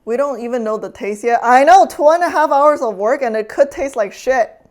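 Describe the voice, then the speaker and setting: A woman's voice: high voice, normal speed, a little mellow. A woman streamer chatting casually with her chat while cooking, teasing and laughing often.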